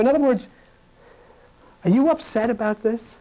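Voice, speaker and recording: Folksy guy preaching, high voice, big swings loud to soft. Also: unhurried, pauses often, low-quality recording. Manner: animated, swinging from loud emphatic peaks to low asides; folksy, plain-spoken. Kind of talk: sermon.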